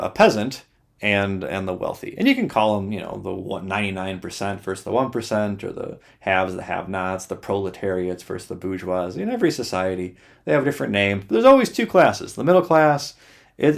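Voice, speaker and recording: A man's voice: fairly low pitch, gravelly. A young man ranting to his audience in a blunt, sarcastic and sweary way, with many fillers. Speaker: YouTuber.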